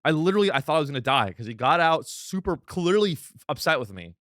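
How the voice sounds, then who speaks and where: A man hosting a comedy podcast, delivering a deadpan, rambling satirical monologue full of restarts. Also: a little high, quick pace, dry recording, clean studio sound. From United States.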